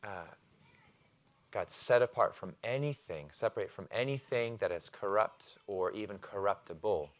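A male pastor delivers a sermon in a somewhat low voice. He shifts between loud, rousing call-and-response with the congregation and easy, chatty teaching full of fillers and small jokes. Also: moderate pace. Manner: conversational, with fillers and light humor.

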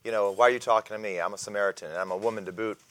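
A man's voice: lowish voice, steady tone, fairly bright tone, no echo, lightly acted. A man voicing a brash, skeptical woman at a well. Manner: quick, blunt and challenging.

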